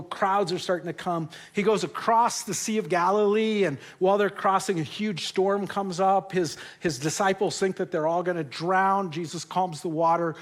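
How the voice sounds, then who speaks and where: A middle-aged man preaching a sermon in a church, telling stories with jokes and sometimes getting emotional. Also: high voice. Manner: storytelling, jokey, turns emotional. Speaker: pastor. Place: church auditorium.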